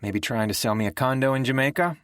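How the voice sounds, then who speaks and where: Male narrator as a hardened hired-gun leader: wry, sardonic, a little brisk. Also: mid-range voice, a bit bright, dry recording, studio quality, pitched above the performer's own voice, lightly acted.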